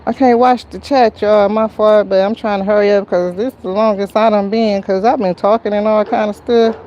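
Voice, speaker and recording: A woman's voice: mid-range voice, steady tone, fairly quick, dark tone, dull audio. A woman hosting a live gardening stream, chatting casually with viewers and greeting them by name as she pots a plant outside. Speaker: gardening livestream host. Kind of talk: casual live-stream chat while potting. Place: outdoor garden near a road.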